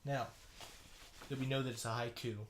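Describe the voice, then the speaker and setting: Young male vlogger, stuffy runny nose, loose halting delivery with many fillers. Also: medium pitch, slight background noise. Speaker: video blogger. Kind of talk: casual commentary reading a sibling's schoolwork.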